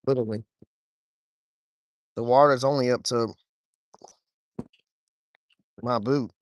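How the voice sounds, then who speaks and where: A man's voice: mid-range voice, slow. Young man vlogging a creek fishing trip. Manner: talks to chat, swears freely, excitable when the fish shows. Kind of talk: casual vlog narration while wading. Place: outdoors, wading in a shallow creek.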